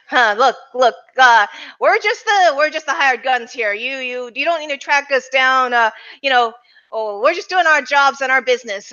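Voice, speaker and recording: A woman's voice: high-pitched, pushed and bright, lo-fi sound. A woman voicing a nervous male mob accountant who stammers and pleads. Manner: stammering, pleading, fast-talking.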